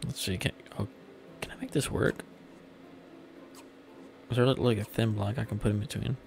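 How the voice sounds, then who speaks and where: Gravelly young man chatting on a game stream. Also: fairly low pitch, steady tone, normal speed, darkish tone, slight background noise. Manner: loose, rambling, swears casually, chats to viewers. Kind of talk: casual gameplay livestream chat.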